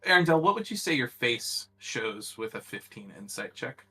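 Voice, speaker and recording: Hesitant game master with a bright voice. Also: male voice, medium pitch, sing-song, moderate pace, soft background music. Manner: hesitant, many fillers. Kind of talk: narrating a tabletop game.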